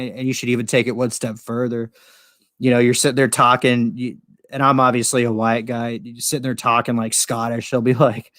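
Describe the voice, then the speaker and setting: Profane, rambling American podcast host. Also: male voice, mid-range voice, flat delivery, a little fast, a bit bright, no echo, studio quality. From United States. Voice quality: profane, rambling, laughs often. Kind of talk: casual livestream chat.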